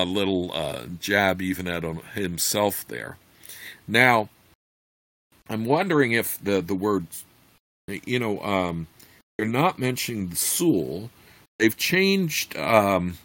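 A man reading a fantasy novel aloud, then pausing to comment on it in a hesitant, filler-heavy way. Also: deep voice, fairly bright tone, dry recording. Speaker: reader and commentator.

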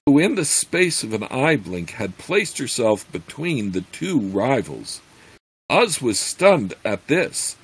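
A man reading a fantasy story aloud, slowly, with some slips and fillers. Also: medium pitch, breathy edge, poor audio. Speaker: reader.

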